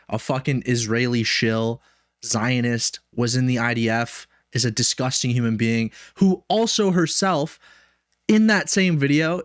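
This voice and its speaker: A man's voice: medium pitch, no echo. Profane rambling male commentator, dry sound. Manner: rambling, profane, laughing asides. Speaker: commentary streamer. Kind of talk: casual reaction commentary.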